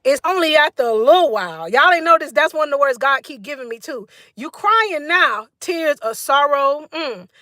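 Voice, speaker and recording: A woman's voice: sits high, animated, moderate pace, few pauses, sharp tone, dry recording, clean studio sound. A woman preaching a live-stream sermon, fervent and repetitive, with frequent "mm" and "y'all".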